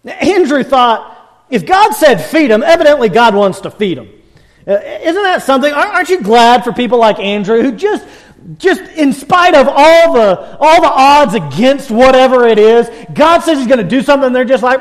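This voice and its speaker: A male pastor preaching a sermon in an animated way, swinging from loud and high to soft and low, with folksy storytelling. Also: moderate pace.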